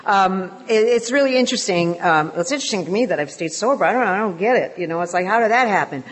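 A woman's voice: mid-range voice, animated, fast talker. An older woman from England sharing her personal testimony at a recovery meeting, joking about herself between many fillers.

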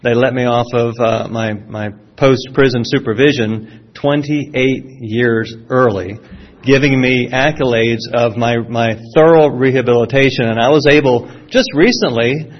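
A middle-aged Florida man with a Southern American accent speaks a little slowly in a mid-range voice with fairly even intonation. Sharing his recovery testimony with a live audience, he tells stories in a folksy, self-deprecating way and often restarts his sentences. The recording sounds dull and lo-fi.

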